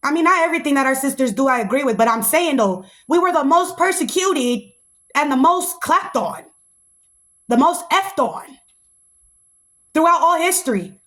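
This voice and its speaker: A young woman talks in a sassy, animated podcast monologue. Her voice sits high for a woman. She rants casually and keeps her listeners in on it. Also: normal speed. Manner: animated and sassy, slips into mocking put-on voices. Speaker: podcast host.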